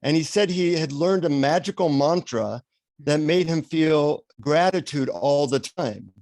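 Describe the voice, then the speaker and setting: A man telling an animated anecdote as a guest on an interview show. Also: on the high side, a little slow, dry recording. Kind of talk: storytelling in an interview. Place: radio show recording.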